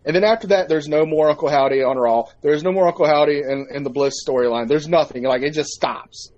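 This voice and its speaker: A man telling a story in a casual chat, profane and animated as he recounts it. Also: on the high side, a little fast, highs cut off. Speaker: podcast co-host.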